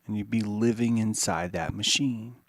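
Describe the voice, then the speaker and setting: A man hosting a podcast, rambling in a monologue that swings from hushed musing to mocking put-on voices, with some swearing. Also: lowish voice, steady tone, normal speed, vocal fry, dry recording. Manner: profane. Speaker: podcast host.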